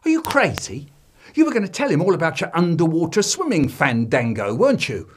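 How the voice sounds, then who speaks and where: A man's voice: a little high, wildly swooping pitch, a little fast, a little hiss or hum, voice pushed up. A man putting on the voice of an exasperated father who scolds and blusters indignantly.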